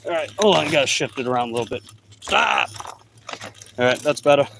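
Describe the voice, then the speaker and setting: Out on the road on an e-bike, a middle-aged delivery rider vlogger from Long Island, New York, chats away, reads comments from viewers aloud, and rambles with frequent restarts. His medium-pitched voice is gravelly and animated, moving a little fast against background noise.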